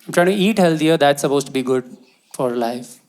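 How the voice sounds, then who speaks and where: A man doing a stand-up comedy set, with exasperated, incredulous rants and sudden loud outbursts. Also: on the high side, animated, brisk. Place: comedy venue, on stage before an audience. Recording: live show with crowd laughter and noise.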